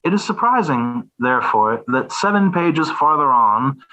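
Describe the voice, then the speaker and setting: A man's voice: medium pitch, very animated, measured pace, bright, forceful tone. A man who is a guest, reading a text aloud in a dry, wry way and then chatting casually. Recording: dull lo-fi sound.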